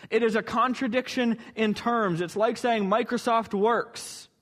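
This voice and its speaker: A man's voice: very high voice, steady tone, a little slow, fairly bright tone. A man preaching a sermon, earnest and emphatic, building to rhetorical questions.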